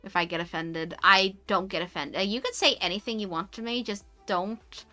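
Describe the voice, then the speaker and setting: A British woman chatting casually on a stream, animated and quick to rant, swearing freely. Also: mid-range voice, faint music behind. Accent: British English. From United Kingdom. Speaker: VTuber streamer. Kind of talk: casual chat.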